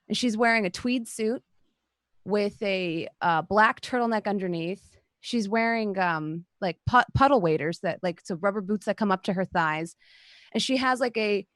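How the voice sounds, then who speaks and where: A woman's voice: mid-range voice, no echo, studio quality. A woman narrating as storyteller in a tabletop role-playing game, describing scenes with lots of likes and kind-ofs.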